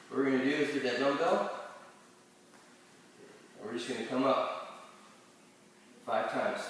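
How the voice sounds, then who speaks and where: A man's voice: medium pitch, distant mic, a little hiss or hum. Man coaching exercises in an echoey room. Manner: step-by-step coaching with small restarts. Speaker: chiropractor demonstrating exercises. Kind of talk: exercise instruction. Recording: very echoey room, heard from afar.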